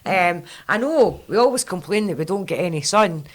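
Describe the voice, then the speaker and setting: A Scottish woman with a mixed Fife and West Coast accent, hosting a casual podcast chat and telling animated stories. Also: on the low side, moderate pace. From Scotland. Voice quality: chatty, animated storyteller. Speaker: podcast host.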